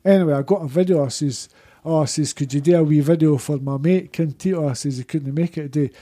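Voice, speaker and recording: A Scottish man, a podcast guest, telling one rambling, excited anecdote after another in casual chat. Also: on the high side, fast.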